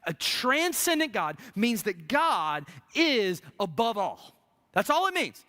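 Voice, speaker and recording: A male pastor preaching a sermon in church, swinging between loud emphatic peaks and quiet lows. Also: slow pace. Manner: energetic preaching, big swings from loud highs to hushed lows. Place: church sanctuary.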